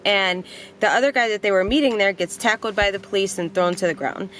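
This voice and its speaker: A young adult woman vlogger telling a personal story in a casual, animated way, blunt and quick to swear. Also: medium pitch, a little hiss or hum.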